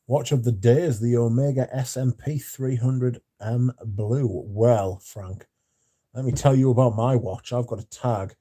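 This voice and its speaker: Sweary livestream host, mellow. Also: male voice, medium pitch, steady tone, unhurried. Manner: sweary, reads out chat messages. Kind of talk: casual livestream chat.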